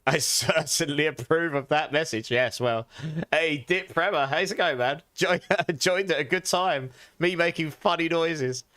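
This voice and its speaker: A man's voice: fairly high pitch, unhurried, sharp tone, no room sound. Male game streamer, loose chat with frequent laughs, dry close-up sound. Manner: chatty, greets viewers, laughs often. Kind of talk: casual live stream chat while gaming.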